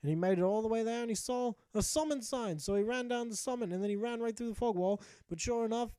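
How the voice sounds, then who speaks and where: A man with a high but mellow voice recounts his gameplay as a mock-heroic tale, cracking crude jokes along the way. The sound is dry and close, with no room around it. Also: quick pace, hardly any pauses, clear, resonant tone, no echo. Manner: jokey, profane, mock-epic storytelling. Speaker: gamer narrating his playthrough. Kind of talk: comedic game commentary told as a tale.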